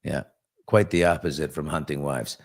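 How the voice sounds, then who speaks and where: A man's voice: extremely low pitch, fairly even intonation, normal speed, creaky. A man hosting a casual live morning chat, reading out viewer comments and rambling through stories with many fillers and restarts. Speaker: talk show host.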